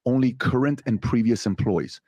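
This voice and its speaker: A man's voice: medium pitch, normal speed, warm tone, breathy edge, no echo. A man on a podcast explaining investment returns, building his point step by step with rhetorical questions.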